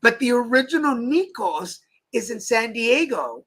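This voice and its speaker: Bright-voiced chatty man telling stories. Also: extremely high pitch, big pitch swings, a little slow, rough recording. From Mexico. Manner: chatty, laughing, playful storyteller. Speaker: talk show co-host. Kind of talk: casual chat. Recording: live stream with faint background noise.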